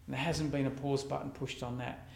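A man's voice: mid-range voice, little pitch movement, brisk, gravelly, a little mellow, reverberant, slight background noise. A man, preaching a reflective, conversational sermon as a pastor.

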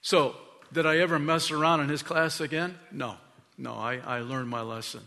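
Pastor guy preaching, bright forceful voice, goes hushed then loud, church hall reverb. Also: on the high side, fairly even intonation, normal speed, vocal fry. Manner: emphatic storytelling preacher, swinging from hushed to loud. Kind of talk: sermon. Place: church sanctuary. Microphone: stage mic.

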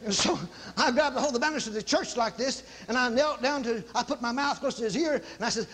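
Male preacher, middle-aged, high and animated, shouts repeated commands. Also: fast. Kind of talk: sermon storytelling.

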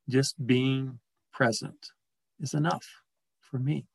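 A male pastor delivers a quiet, reflective sermon, often easing down to a soft, slow hush on the words that matter. His voice sits at an ordinary middle pitch, and the recording is dry and close, with no room sound around it. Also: steady tone, creaky, no room sound, low-quality recording. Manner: gentle, reflective, slows and softens on key words.

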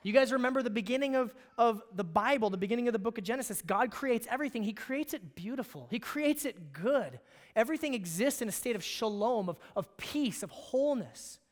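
A man's voice: very high-pitched, lively intonation, brisk. A man from Alaska, a pastor, preaching a sermon in a conversational storytelling way, often restarting his phrases. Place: church sanctuary. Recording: long reverb of a hall.

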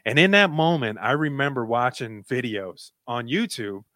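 A man's voice: mid-range voice, moderate pace, a bit bright, no room sound. Earnest man in his thirties. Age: 30s. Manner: earnest, rambling, many fillers. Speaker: guest. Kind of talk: emotional personal story, casual.

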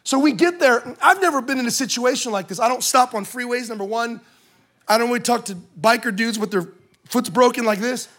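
High-voiced man telling a funny sermon story. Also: a little fast. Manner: lively, joking, conversational asides. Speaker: speaker at a church service. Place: in front of a live audience in a room.

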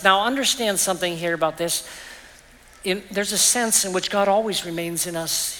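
A man's voice: high voice, moderate pace, pushed and bright, a little hiss or hum. A middle-aged man preaching a sermon as pastor, earnest and personal, telling stories to make his point. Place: church. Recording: reverberant church hall.

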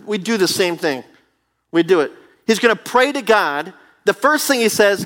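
High-pitched animated male preacher. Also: moderate pace. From United States. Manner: animated, rising emphatic preaching with acted asides. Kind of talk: sermon.

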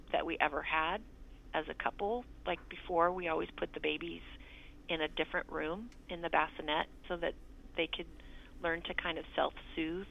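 A woman's voice: deep voice, creaky, fairly bright tone, lo-fi sound, a little hiss or hum. A middle-aged woman, a mother, telling her grown child a personal story in an earnest way and acting out the quoted dialogue. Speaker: mother recounting a birth story.

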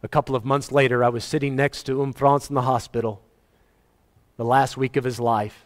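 A male pastor preaching a sermon emphatically, his voice rising and falling in pitch and loudness. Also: moderate pace, long pauses, big-room sound. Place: church.

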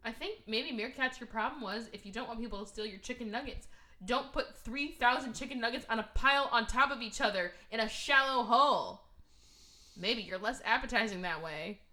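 Bright, sarcastic woman podcaster. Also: fairly high pitch, fairly quick. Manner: profane, sarcastic, acts out characters. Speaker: podcast co-host. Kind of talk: casual movie-review chat.

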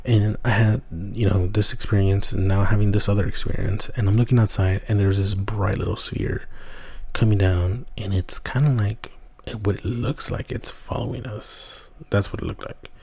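A man's voice: on the low side, steady tone, moderate pace, vocal fry, dark tone, breathy edge. Rambling, cursing man telling a story. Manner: rambling, swears often, restarts a lot. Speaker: podcast host. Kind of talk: casual storytelling.

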